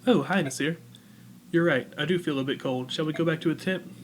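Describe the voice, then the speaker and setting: A man voicing a gentle, anxious young girl who speaks softly and quietly. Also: a little high, a little fast, a little hiss or hum, lightly acted.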